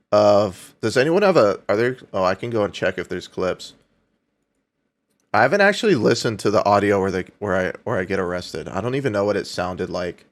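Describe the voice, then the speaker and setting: Casually swearing young male streamer. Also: fairly low pitch. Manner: swears freely, reads out viewer donations, laughs often. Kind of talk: casual live-stream chat.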